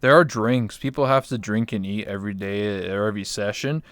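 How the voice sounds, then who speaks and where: A man's voice: fairly low pitch, fairly quick, a bit bright, dry recording. A man as a podcast guest, chatting casually and telling rambling, filler-heavy stories with some swearing. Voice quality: smooth, clear voice. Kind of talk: casual interview chat.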